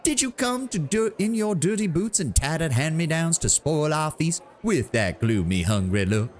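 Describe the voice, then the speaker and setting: A man voicing a pompous young male half-elf bard, speaking in flowery, drawn-out, mocking toasts. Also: fairly high pitch, sing-song, voice pushed up.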